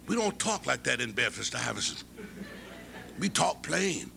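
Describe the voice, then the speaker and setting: An older man giving a humorous storytelling speech at an academic convocation, folksy and animated, chuckling as he goes. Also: medium pitch, unhurried, gravelly, pauses often, a little hiss or hum. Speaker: convocation speaker.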